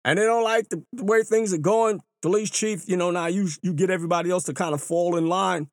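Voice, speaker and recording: A man telling stories in a casual monologue, animated and acting out the voices of other people. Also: brisk, no echo, clean studio sound. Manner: animated, mimics bystanders with exaggerated pitch jumps. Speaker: runner and storyteller. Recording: clear hip hop music behind the voice.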